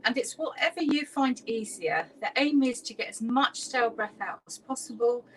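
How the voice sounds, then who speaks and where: A woman, a laughter yoga leader gently guiding an online exercise class through stretches and breathing. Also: a little high, animated, normal speed, a little hiss or hum.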